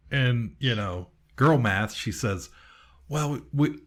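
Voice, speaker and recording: A man's voice: medium pitch, animated, slow pace. A man co-hosting a podcast, telling a long, rambling story in casual chat, full of fillers and restarts. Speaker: podcast co-host.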